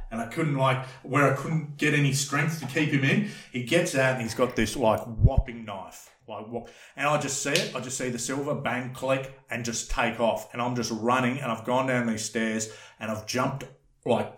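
A man telling a rambling, animated story in casual chat, swearing freely. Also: mid-range voice, reverberant. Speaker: podcast guest telling a story.

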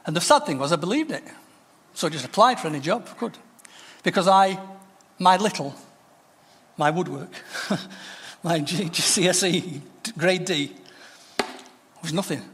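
A man's voice: animated, a little slow, long pauses, fairly bright tone, breathy edge, in a large hall. A man preaching a sermon, telling Bible stories with humour and acting out the people in them. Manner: storytelling, voices quoted figures with shifts in pitch.

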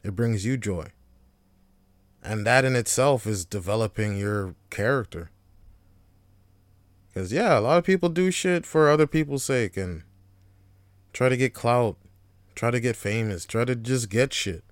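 Smooth-voiced laid-back young man podcasting. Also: mid-range voice, measured pace, pauses often, no room sound. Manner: laid-back, rambling, frequent swearing and laughs. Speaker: podcast host. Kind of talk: casual solo podcast monologue.

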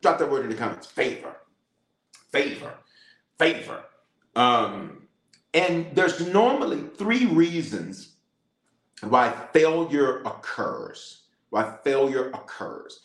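A middle-aged bishop leading a livestreamed prayer, repeating phrases and calling on viewers to respond. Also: male voice, medium pitch. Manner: animated preacher, repeats phrases, calls for responses. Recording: roomy echo.

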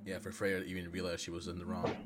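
Low-voiced blunt, swearing podcast guy. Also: fast talker, very noisy. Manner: blunt, excitable, heavy swearing. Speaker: podcast co-host. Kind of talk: casual gaming podcast chat.

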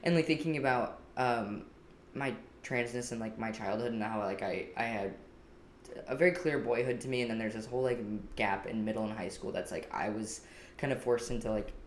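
A man's voice: lowish voice, brisk, a little hiss or hum. Reflective man in an echoey room. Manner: rambling, reflective, full of fillers. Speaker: podcast co-host. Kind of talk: casual podcast chat.

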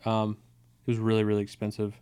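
A man's voice: lowish voice, monotone, quick pace, mellow, smooth. A man co-hosting a podcast, telling tour stories in a loose, rambling way with a lot of swearing. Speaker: podcast co-host. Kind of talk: casual chat.

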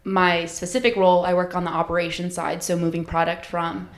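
A woman's voice: fairly low pitch, flat delivery, a little fast. A woman in her twenties, a podcast guest chatting casually, easygoing and giggly with lots of fillers. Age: 20s.

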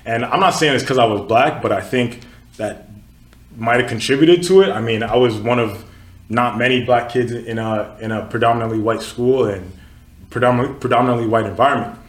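Young guy from nigeria hosting a chill podcast, rambles with lots of "like" and "i mean", mid pitch, roomy echo. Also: brisk. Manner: relaxed storytelling with filler words. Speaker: podcast host. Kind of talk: casual chat.

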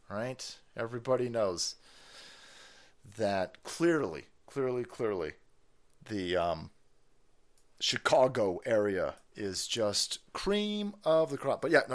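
Male streamer, sarcastic and foul-mouthed, with a lively, bouncing pitch. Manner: profane, sarcastic, mocking; frequent laughter and sudden yells. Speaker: stream host. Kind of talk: livestream commentary rant.

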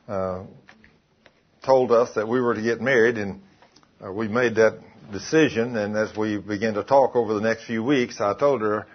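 Husky preacher, lo-fi church recording. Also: male voice, on the low side. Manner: retells dialogue, quoting both sides. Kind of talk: sermon with told stories.

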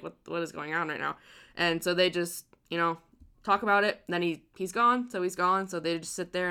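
A woman tells a true crime story in a loose, casual way. Her voice sits a little low but sounds bright and forceful. She swears freely and laughs easily. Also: smooth. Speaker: podcast host telling a true crime story.

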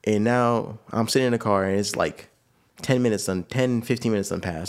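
A young man co-hosting a casual podcast tells an animated, rambling story full of slang, repeating phrases as he goes. His voice is lowish and a little fast.

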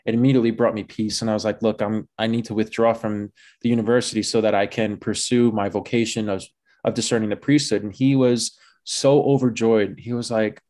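A young man appears as a guest to tell his vocation story, speaking briskly in a fairly low, darkish voice with little pitch movement. His telling is casual and chatty, full of filler words, and he laughs at himself now and then.

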